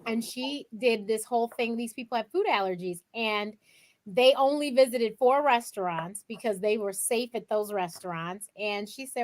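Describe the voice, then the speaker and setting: Guest author, young woman, bright higher pitch, lively anecdotal delivery. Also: moderate pace. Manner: animated storyteller, acts out quotes. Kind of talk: casual interview chat.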